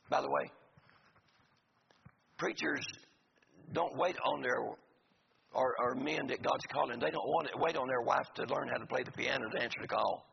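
Gravelly-voiced preacher in a reverberant hall. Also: male voice, mid-range voice, moderate pace, long pauses. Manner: folksy, joking asides to the congregation. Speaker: pastor. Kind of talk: sermon. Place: church sanctuary. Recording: gravelly voice in a reverberant hall, dull lo-fi sound, faint noise.

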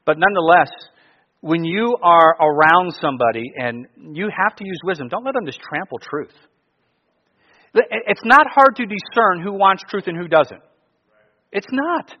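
A middle-aged male pastor telling stories in a sermon, jumping from loud bursts down to quiet, hushed asides. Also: high voice, expressive, a little slow, dull audio.

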